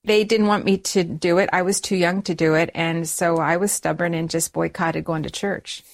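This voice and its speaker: A middle-aged woman telling a personal story as an interview guest, lively, raising her voice when she quotes people. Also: lowish voice, moderate pace, vocal fry. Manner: animated storytelling, acts out quoted dialogue in a raised voice. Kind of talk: personal conversion story in conversation.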